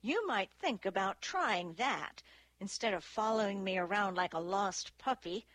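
A sharp-tongued female detective, sarcastic and quick to snap, as a woman narrator puts her on. The voice stays mid-pitched and dry, spoken close to the mic. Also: expressive, dry recording. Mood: defiant. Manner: snappish, sarcastic.

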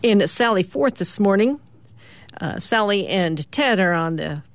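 A middle-aged woman, a radio host, describing the morning's comic strips aloud in a lively storytelling way. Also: medium pitch, measured pace. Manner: lively storytelling, lifting her voice for characters' lines.

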